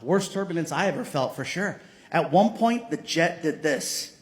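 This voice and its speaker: A stand-up comedian whose voice is run through an AI baby voice filter, telling stories with animated delivery and shouted punchlines. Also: male voice, a little high, normal speed.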